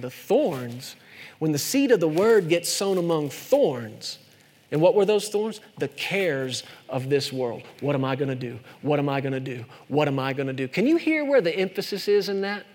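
A man preaching a sermon, emphatic and full of rhetorical questions, sometimes racing, sometimes slowing right down. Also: on the high side, sing-song, darkish tone, big-room sound. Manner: emphatic, rhetorical questions, shifts between fast and slow delivery.

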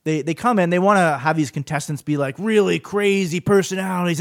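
A man hosting his own podcast in a solo rant, with a lively, swinging delivery. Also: brisk, vocal fry, few pauses, no echo, studio quality. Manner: animated ranting, swings up and down in pitch. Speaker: podcast host.

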